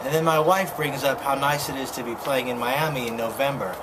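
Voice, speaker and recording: A man's voice: medium pitch, steady tone, fairly quick. A man from New Jersey telling a personal story in a wry, self-mocking way. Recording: handheld camera with loud vehicle noise.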